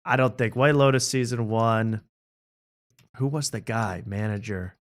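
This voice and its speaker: A man's voice: medium pitch, a little slow. Joking male late-night host. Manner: joking, laughs often. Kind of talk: casual chat reacting to clips.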